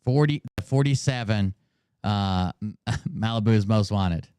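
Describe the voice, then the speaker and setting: A man in his thirties hosting a live stream, mocking and swearing, with bursts of shouting. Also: fairly low pitch, slow pace, clear, resonant tone, no echo, clean studio sound. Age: 30s. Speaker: streamer host. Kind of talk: casual live-stream commentary.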